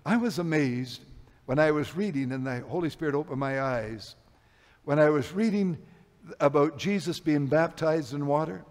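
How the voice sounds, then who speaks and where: An older man preaching a sermon, telling personal stories, rising loud then dropping low. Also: normal speed. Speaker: pastor. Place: church sanctuary. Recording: long hall reverb.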